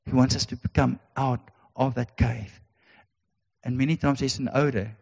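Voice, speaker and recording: A man's voice: mid-range voice, fairly even intonation, normal speed, gravelly, a little mellow, husky. A man preaching a sermon, earnest and repetitive, with emphatic rhetorical questions. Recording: dull sound in a reverberant hall.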